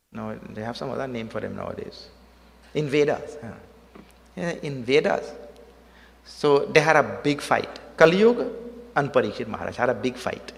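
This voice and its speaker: A man with a gravelly, mid-range voice preaches a devotional sermon, telling a story punctuated by rhetorical questions and repeated words for emphasis. The setting is a temple hall, heard with long hall reverb.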